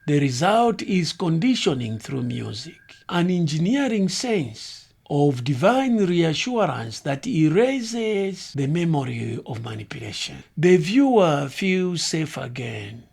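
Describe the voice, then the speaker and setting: A man giving scripted critical commentary in a measured, grave, analytical way. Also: on the high side, creaky, darkish tone, breathy edge.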